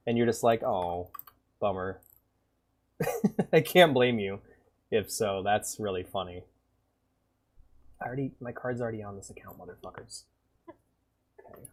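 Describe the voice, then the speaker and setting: A man streaming and reacting to videos in loose, profane casual chat, swinging between loud outbursts and mutters. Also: mid-range voice. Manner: loose and profane, bursts of laughter.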